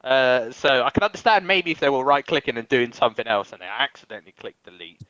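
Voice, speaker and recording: A man's voice: medium pitch, sing-song, fast, fairly bright tone, no room sound, lo-fi sound. A man co-hosting a podcast, venting in an exasperated way about his IT job, full of fillers. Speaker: podcast co-host, IT worker. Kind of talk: casual chat.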